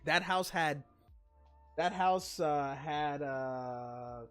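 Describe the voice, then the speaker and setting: A man hosting a livestream in casual chat, his voice sitting a bit higher than most men's. He rants with blunt, profane emphasis, and soft music plays faintly behind him. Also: very slow. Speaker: livestream host.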